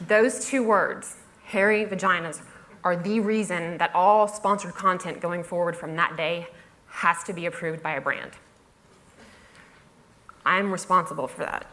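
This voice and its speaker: A woman's voice: on the low side, moderate pace, long pauses, fairly bright tone. A woman giving a humorous storytelling talk on a festival stage, wry and self-mocking, often laughing through her lines. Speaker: conference speaker.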